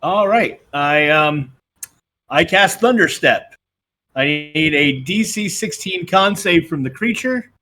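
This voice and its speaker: A man's voice: on the high side, expressive, takes it slowly, sharp tone. A man playing a tabletop game, hesitant with many ums, then rattling off rules explanations. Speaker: player.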